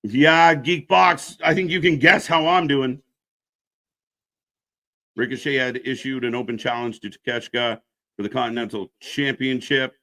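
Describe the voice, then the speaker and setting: With a sharp tone and moderate pace, this wrestling live-streamer rants bluntly and curses freely. Between his casual commentary, he plugs the channel's upcoming shows to his viewers.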